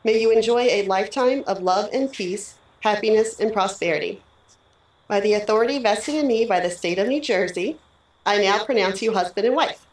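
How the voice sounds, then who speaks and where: A woman officiating a wedding ceremony, speaking in a measured, reflective way and leading the couple through their ring vows. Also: medium pitch. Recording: echoey, picked up from a distance.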